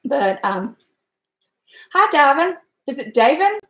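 A chatty woman with a Southern American accent hosts a casual home cooking stream. Her voice sits high, and her talk is easygoing and quick to laugh as she greets viewers one by one. The room around her is echoey. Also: sing-song, fairly bright tone. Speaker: cooking channel host.

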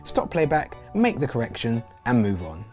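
Lively man explaining software. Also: medium pitch, moderate pace, faint music behind. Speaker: host. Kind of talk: explanatory tutorial voice-over.

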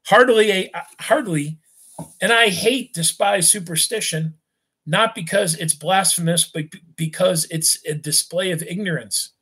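A man's voice: sits high, sharp tone, husky, voice pushed up, full character voice. A man reading as a stern, lecturing farmer father. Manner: measured, lecturing, reasoning.

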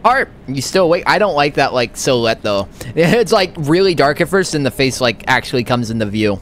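A man's voice: mid-range voice, very animated, moderate pace, few pauses, a bit bright, soft background music. A man giving casual let's play commentary on a horror game, rambling with laughing asides. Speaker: gaming YouTuber.

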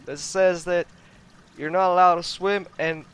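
Slow-talking excitable gamer man. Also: sits high, smooth. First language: Russian. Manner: excitable, talks to himself, exclaims and chuckles often. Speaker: let's play gamer. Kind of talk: live gaming commentary.

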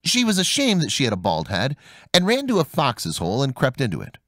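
Animated male storybook narrator. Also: a little fast, dry recording, studio quality. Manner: highly animated, swooping pitch on dialogue. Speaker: audiobook narrator.

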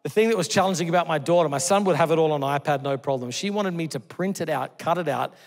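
A middle-aged man from Australia, preaching a sermon. He tells stories earnestly, moving between loud exclamations and hushed, tender lines. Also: fairly high pitch, fast. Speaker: pastor. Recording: long hall reverb.

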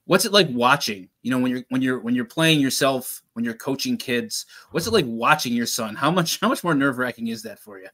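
A man hosting a casual interview, asking relaxed questions with some hesitant restarts. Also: medium pitch, a little fast, hardly any pauses. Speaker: host.

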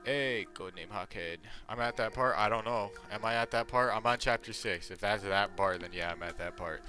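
A man commentating on a video game playthrough in a playful, jokey way with bursts of loud excitement. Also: on the low side, a little fast, faint music behind. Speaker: gaming streamer. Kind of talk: let's play commentary.

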